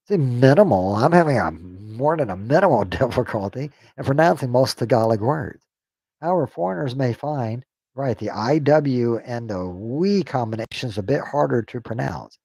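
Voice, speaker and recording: Gravelly man reading aloud. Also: medium pitch, mellow, dry recording. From United States. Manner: reads aloud haltingly, sounding out words and joking to himself. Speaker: streamer. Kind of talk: casual reading aloud on a livestream.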